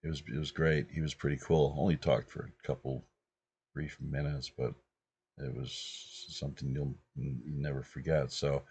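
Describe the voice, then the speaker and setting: A man in his fifties from British Columbia, hosting and rambling through a relaxed anecdote. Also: rumbling low, normal speed, husky, dry recording. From British Columbia, Canada. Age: 50s. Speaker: host. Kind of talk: casual anecdotal chat.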